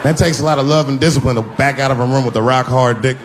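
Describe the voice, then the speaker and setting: A middle-aged man on a comedy stage, spinning a story in a loose, easy way and slipping into the voices of the people he quotes. His voice sits at a medium pitch, and the recording is a noisy live stage capture. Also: fast. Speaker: stand-up comedian. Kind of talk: stand-up comedy routine. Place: comedy stage before an audience.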